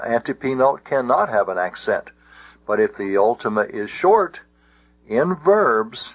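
A man teaching a Greek grammar lesson, speaking deliberately with frequent restarts. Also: lowish voice, breathy edge. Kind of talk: classroom lecture. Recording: dull lo-fi audio.

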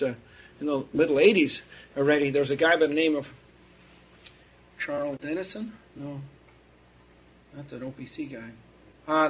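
A man's voice: a little high, fairly bright tone, slightly rough. A man giving an unscripted theology lecture, rambling and digressive, chuckling at his own asides.

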